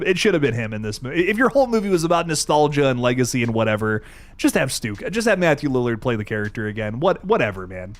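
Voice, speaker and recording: A young adult man hosting a live horror stream, chatting casually with frequent swearing and restarts, faint music underneath. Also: fairly high pitch. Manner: laid-back, swears often, many restarts. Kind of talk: casual livestream chat.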